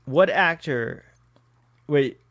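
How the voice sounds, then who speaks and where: A man's voice: fairly high pitch, animated, extremely slow, a bit bright. A man from Florida co-hosting a casual watch-along chat, laughing often and teasing. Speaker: podcast co-host.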